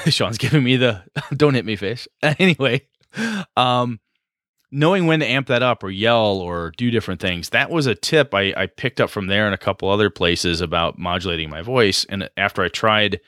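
A man's voice: lowish voice, fairly bright tone, dry recording, studio quality. A man co-hosting a podcast, talking casually and at length about running tabletop games, rambling and self-deprecating. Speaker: podcast co-host, game master. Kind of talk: casual chat.

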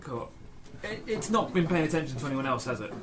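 A man playing a tabletop game, chatting casually and checking in with quick questions. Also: on the high side, big pitch swings. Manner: chatty, checking in with short replies. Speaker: player. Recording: noisy background.

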